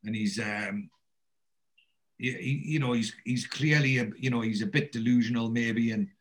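A man's voice: medium pitch, steady tone, moderate pace. Rambling man recapping a show. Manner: rambling, many restarts and fillers. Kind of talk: casual recap of a TV episode.

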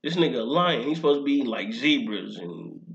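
A young man in casual chat, animated and profane, often breaking into laughter. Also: medium pitch, a little fast, vocal fry. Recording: roomy, slightly dull lo-fi sound.

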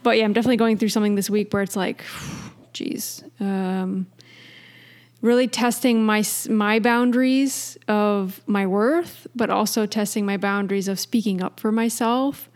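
A woman's voice: medium pitch, steady tone, normal speed. A woman co-hosting a podcast in casual chat, easygoing and thinking aloud. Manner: easygoing, thinks aloud with restarts and softer trailing lines. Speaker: podcast co-host.

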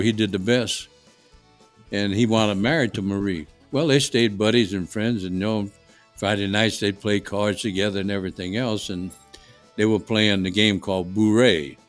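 An older man with a New Orleans accent, a guest swapping folksy, rambling stories at a dining table. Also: fairly low pitch. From Louisiana. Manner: folksy, rambling, repeats words. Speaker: guest, HVAC tradesman. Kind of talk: casual storytelling chat. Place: family dining table, indoors.

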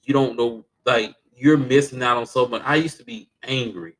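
Animated man telling a story. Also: normal speed, rough recording. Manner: animated, laughing, swings between low and loud; casual profanity and slang. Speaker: podcast guest. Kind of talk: casual conversational storytelling.

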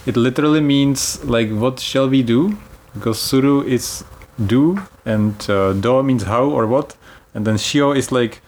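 Hosting a casual travel podcast, a man explains things in a chatty way and laughs easily. His mid-range voice has a darkish tone, and he speaks at a measured pace with few pauses.

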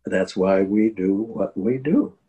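Older man, deep voice, earnest interview storyteller with fillers. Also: slow pace, dark tone, rough recording. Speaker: guest telling a war veteran story.

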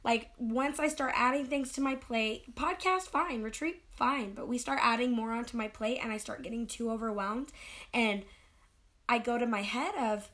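Podcast co-host: young woman, higher pitch, candid, self-doubting, rambling. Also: normal speed, fairly bright tone. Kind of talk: casual personal chat.

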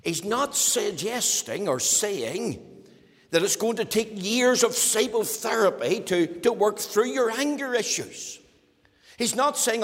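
A man delivering a sermon in a high voice that swoops up and down with animation. He preaches with strong emphasis, slipping into the voices of complaining listeners. A long reverb trails behind him, as in a large church hall. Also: expressive, takes it slowly. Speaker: pastor.

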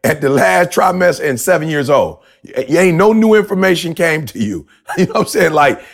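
A man's voice: fairly high pitch, animated, brisk, gravelly. A man co-hosting a podcast in casual chat, laid-back and a little preachy, laughing often. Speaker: podcast co-host.

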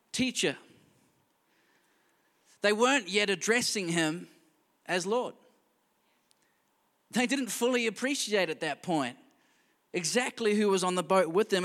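A man delivers a sermon in a church hall with a high, bright voice, talking to the congregation in a loose, conversational way with humorous asides. His voice carries a long reverb from the large room. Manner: conversational preaching with asides and laughter. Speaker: pastor.

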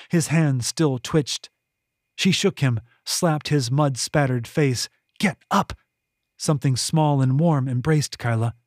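A man reads his own fantasy novel aloud in a measured, steady audiobook style. He leans into the dramatic moments. His voice sits a little high for a man, and the recording is dry and close with no room sound. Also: no echo. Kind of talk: scripted audiobook narration.

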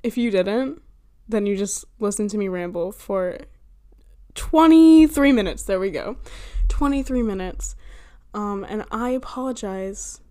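A young woman talks alone into her microphone in a loose, rambling podcast monologue. She fills her sentences with "like," laughs at herself often and drifts between advice and self-teasing. Her pitch sits in an ordinary middle range. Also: moderate pace, darkish tone. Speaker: podcast host. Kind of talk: casual solo podcast monologue. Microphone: handheld or desk microphone she bumps.

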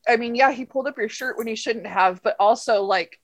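A woman's voice: on the high side, a little fast. A woman hosting a podcast, ranting about a bad film in casual, profane, rambling chat. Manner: profane, rambling, exasperated storytelling. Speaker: podcast host reviewing a film.

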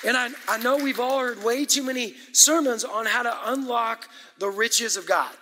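A man preaching a sermon as pastor, animated and emphatic, with asides and quick laughs. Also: very high-pitched, a little hiss or hum. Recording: echoey hall with long reverb.

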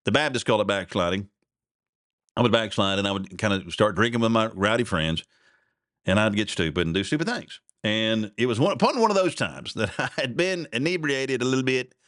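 A man's voice: on the low side, animated, brisk, a bit bright, dry recording, studio quality. A man, hosting a podcast and telling a rambling personal story in a self-deprecating, chuckling way. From Oklahoma. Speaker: podcast host.

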